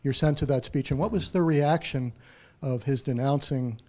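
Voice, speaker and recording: Mellow-voiced man asking a halting question. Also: mid-range voice. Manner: halting, with many fillers. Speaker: teacher asking a question from the audience. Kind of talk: audience question at a lecture.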